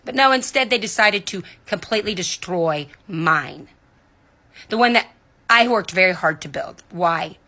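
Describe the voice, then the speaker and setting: A woman delivering a heated, indignant monologue, cussing and swinging between loud outbursts and low muttering, recorded at home in bed. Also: animated, measured pace. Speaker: vlogger. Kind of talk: angry ranting monologue.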